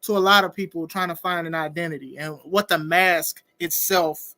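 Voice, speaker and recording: Podcast host, man, lively and laughing, close dry mic. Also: on the high side, moderate pace, dry recording. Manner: animated, laughs often, reads viewer comments aloud. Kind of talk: casual interview chat.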